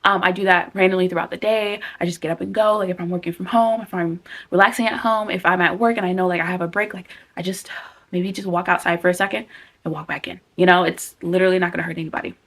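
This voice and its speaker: Young adult woman, self-help vlogger. Earnest, candid, animated delivery. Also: lowish voice, fast talker. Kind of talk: casual self-help talk to camera.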